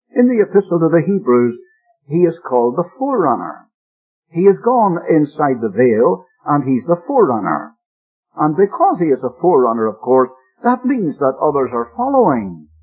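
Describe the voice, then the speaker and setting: Husky radio preacher with lively pitch. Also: male voice. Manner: earnest, emphatic expository delivery. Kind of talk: radio Bible-teaching sermon. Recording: narrow-band old radio broadcast.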